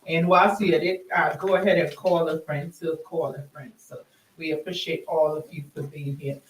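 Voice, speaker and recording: A woman hosts a Christian women's show, chatting her way through Bible verses. She slows down to stress each line she reads and laughs often. Her voice rings in a roomy space and sits some distance from the mic. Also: low-pitched, steady tone. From Ghana. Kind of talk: teaching on scripture for a live audience.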